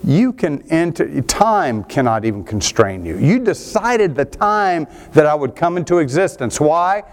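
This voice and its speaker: A man preaching a sermon, animated, swinging between emphatic and quieter passages. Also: fairly high pitch, unhurried. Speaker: pastor.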